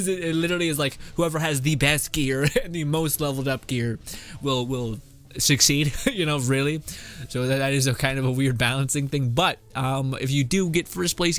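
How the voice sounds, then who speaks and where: A man streaming a casual, rambling commentary on a game update, chuckling often in a wry way. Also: mid-range voice. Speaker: gaming streamer.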